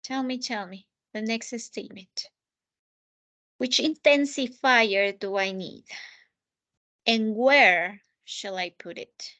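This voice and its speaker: A woman's voice: fairly high pitch, takes it slowly, pauses often, bright, forceful tone. A woman teaching an English lesson, asking students questions, praising answers and repeating key points. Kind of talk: live online English lesson.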